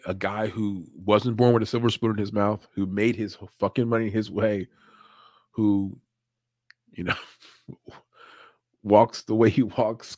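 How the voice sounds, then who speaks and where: A man's voice: lowish voice, darkish tone, no room sound, clean studio sound. Laid-back, cursing male podcast host. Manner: loose, profane, laughs often. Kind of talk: casual livestream chat.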